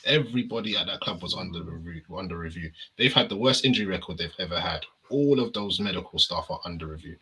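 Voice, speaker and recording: A man with a slightly low voice co-hosts a casual football panel. He argues forcefully, building his case at length in an easy, unscripted chat. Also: animated, quick pace, hardly any pauses, breathy edge, poor audio. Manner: forceful, argumentative, explains at length. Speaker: panel co-host.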